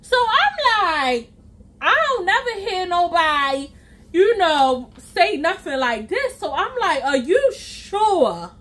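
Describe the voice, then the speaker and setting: A woman vlogger telling a storytime tale, animated and chatty, acting out quotes and sound effects. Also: very high-pitched, slow pace. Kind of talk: storytime vlog.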